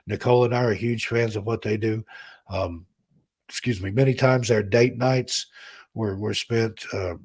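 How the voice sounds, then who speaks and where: A man in his fifties from the American South hosts a relaxed live stream and drifts between stories and greetings to viewers. His voice is low and gravelly with a husky edge. He talks in a rambling, heartfelt way. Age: 50s. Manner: rambling, heartfelt, reads chat names aloud. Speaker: host. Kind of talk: casual live-stream chat.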